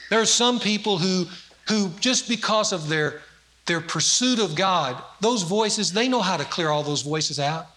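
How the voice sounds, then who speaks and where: High, bright-voiced man preaching a sermon. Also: expressive, unhurried. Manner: storytelling with acted quotes, rising emphasis.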